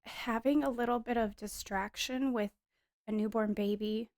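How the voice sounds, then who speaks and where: A woman's voice: on the high side, steady tone, normal speed, a little mellow, dry recording, clean studio sound. A woman in her thirties giving an earnest, emotional personal testimony in a casual storytelling way, with frequent fillers. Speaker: wife sharing a testimony.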